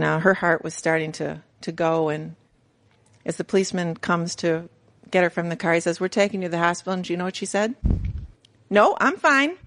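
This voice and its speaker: A middle-aged woman giving a candid personal testimony to a recovery group, storytelling with self-mocking humor. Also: lowish voice. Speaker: recovery meeting speaker.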